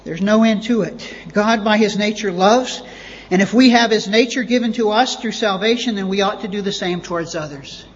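A man's voice: sits high, moderate pace. A man preaching a sermon as pastor, emphatic and repeating words for stress. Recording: dull lo-fi audio with long reverb.

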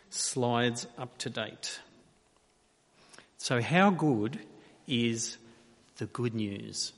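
A man preaching a sermon, measured and emphatic, asking rhetorical questions with long pauses. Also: mid-range voice, fairly bright tone. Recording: reverberant hall.

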